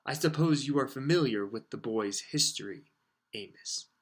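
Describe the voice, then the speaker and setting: A man's voice: mid-range voice, animated, moderate pace, fairly bright tone, lightly acted. A proud, severe senior official speaks with icy, cutting anger, as a male reader plays him. Every word is clipped and controlled. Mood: cold anger.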